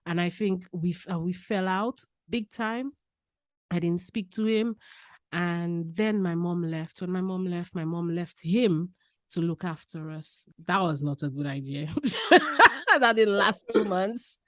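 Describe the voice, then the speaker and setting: Woman telling a lively story. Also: on the low side, a little slow, dry recording, studio quality. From Saint Lucia. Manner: lively, laughing storyteller who repeats key phrases. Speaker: podcast guest. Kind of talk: casual personal storytelling.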